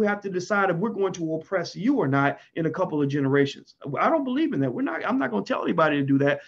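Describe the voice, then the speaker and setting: A man with a fairly high, husky voice delivers a fiery monologue. He talks emphatically and keeps leaping into loud, high bursts. The recording sounds dull and lo-fi. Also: animated, fast, hardly any pauses. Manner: emphatic, swings into sudden loud highs. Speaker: commentator. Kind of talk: impassioned monologue.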